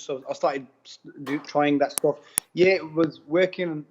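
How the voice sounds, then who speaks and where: A man giving a testimonial interview, telling his story in an animated, casual way full of slang and repetition. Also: a little high, normal speed, slight background noise. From United Kingdom. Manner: animated, repeats himself, slangy with "bro" and "man". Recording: dull lo-fi sound.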